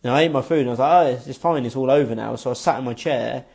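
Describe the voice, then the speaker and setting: A man's voice: mid-range voice, very fast, vocal fry, a little mellow. A young man casually telling a personal story to the camera, rambling with lots of fillers and swearing. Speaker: vlogger.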